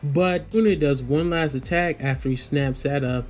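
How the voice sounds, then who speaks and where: A man's voice: a little high, normal speed, darkish tone. A man casually recapping an anime episode in a loose, rambling way, full of fillers. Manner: rambling, loose, lots of "you know" fillers.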